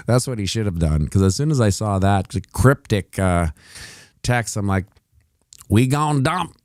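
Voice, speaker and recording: A man's voice: deep voice, mellow, no room sound, studio quality. A man hosting a casual livestream, rambling and joking through market commentary with many restarts. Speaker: host of a crypto price livestream. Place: home setup with TVs.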